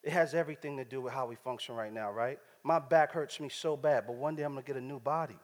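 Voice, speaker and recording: A man's voice: mid-range voice, quick pace. A man preaching a sermon, using casual street slang and checking in with the congregation as he talks. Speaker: pastor. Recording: church hall reverb.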